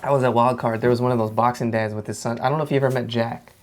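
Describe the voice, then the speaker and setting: A man's voice: mid-range voice, very fast, a little hiss or hum. A man, a professional boxer, telling stories in a casual, slangy chat and acting out the people in them. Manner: animated, slangy, acts out voices in his stories. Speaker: professional boxer reacting to anime.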